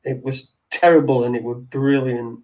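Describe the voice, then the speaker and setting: A man's voice: medium pitch, steady tone, normal speed, a little mellow. A middle-aged man, rambling in sweary, wry late-night chat as a podcast host, heard from a little way off the mic. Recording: distant from the mic.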